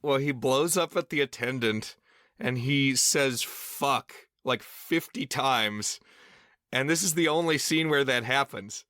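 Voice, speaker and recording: Podcast guy with a bright, sharp voice, close dry mic, kinda thinking out loud. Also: medium pitch, unhurried, dry recording. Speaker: podcast co-host. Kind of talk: casual film discussion.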